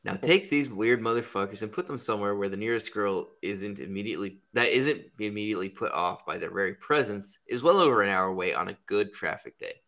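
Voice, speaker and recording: A man's voice: on the low side, lively intonation, fairly quick, few pauses, a bit bright. A man hosting a podcast, rambling through crude, profane comedic banter and laughing at his own jokes. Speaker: podcast host.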